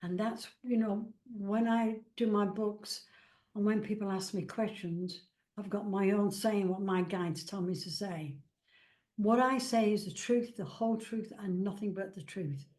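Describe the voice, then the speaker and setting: A woman's voice: mid-range voice, fairly even intonation, measured pace, a little mellow. Chatty English woman telling stories. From England. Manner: chatty, rambling, acts out quoted dialogue. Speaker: psychic medium and author. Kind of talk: casual storytelling interview.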